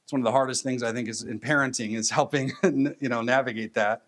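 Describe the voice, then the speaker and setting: A man preaching a sermon to his congregation. He speaks emphatically, with pauses and repeated phrases that drive each point home. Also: mid-range voice, steady tone, fairly bright tone. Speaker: pastor.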